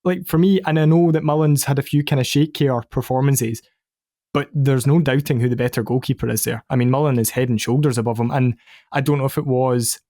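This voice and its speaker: An opinionated man in casual football chat, speaking at a middle pitch for a man. The sound is dry and close, with no room around it. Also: steady tone, a little fast, dark tone, dry recording. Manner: opinionated, chatty. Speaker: podcast co-host.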